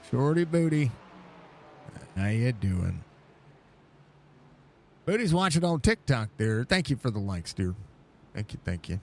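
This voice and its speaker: A man doing casual live commentary on a sim race while chatting with viewers, with excited outbursts at crashes. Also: mid-range voice, measured pace, vocal fry, pauses often, a little hiss or hum. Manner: chatty, greets viewers by name between race calls. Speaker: sim racing league commentator and streamer.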